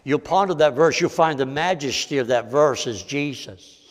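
A man preaching a folksy sermon, swinging between loud and hushed. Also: mid-range voice, normal speed, big-room sound.

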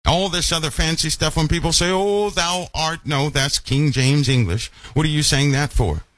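A man preaching a Bible-study sermon who keeps asking his listeners questions and slows down to stress key lines. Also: a little high, no echo. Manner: emphatic, asks the audience questions often.

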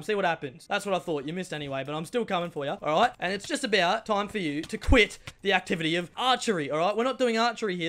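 A young Australian man giving excitable gameplay commentary, joking with opponents in a cheeky, mock-stern way and often breaking into shouts. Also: high voice. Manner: excitable, bursts into shouts and laughter. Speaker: gaming YouTuber.

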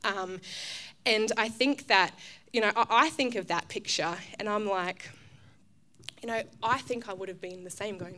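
An Australian woman pastor preaching a casual, conversational sermon, full of fillers and restarts, who acts out the voices in her stories with loud, high outbursts. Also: moderate pace, slight background noise. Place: church stage.

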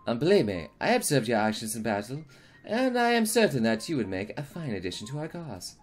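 Man voicing a calm scheming fox spirit. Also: mid-range voice, brisk, soft background music, pitched below the performer's own voice. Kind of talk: reading game dialogue aloud.

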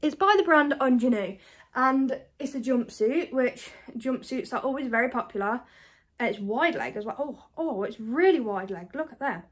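A woman from the UK chatting casually to camera about her thrift finds, fast and self-deprecating, a bit out of breath. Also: high voice, lively intonation. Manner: chatty and self-deprecating, talks fast with many ums and likes. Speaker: reseller vlogger. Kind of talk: casual haul chat to camera.

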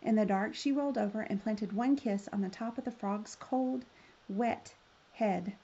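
A woman reads a children's fairy tale aloud, gentle and expressive. Her voice is mellow and a little husky. The recording has a dull, lo-fi sound. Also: medium pitch, measured pace. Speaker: storyteller. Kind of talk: children's story read-aloud.

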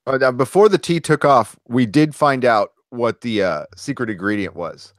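A man in a casual review chat, talking at a middle pitch and retelling scenes with lots of energy. He slips into quick impressions and fills the gaps with "uh" and "um." The sound is dry and close, with no room around it. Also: dry recording. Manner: animated retelling, acts out lines with quick impressions, frequent laughs and fillers. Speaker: podcast co-host.

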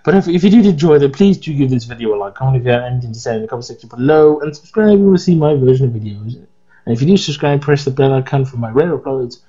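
A man's voice: medium pitch, animated, fast talker, dark tone, husky, muffled recording. A groggy, worn-out English man chatting and rambling through casual gameplay commentary as a let's play host.

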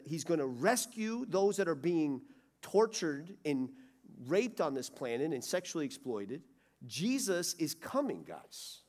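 A middle-aged man preaching a sermon, swinging from loud urgency to hushed pleading. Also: on the high side. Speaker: pastor. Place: church sanctuary.

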